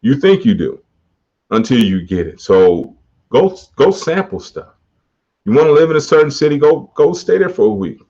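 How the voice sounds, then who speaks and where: A man's voice: medium pitch, sing-song, moderate pace, dark tone. A man hosting his own podcast, talking casually and motivationally in slang, often laughing. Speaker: podcast host. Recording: dull muffled podcast audio.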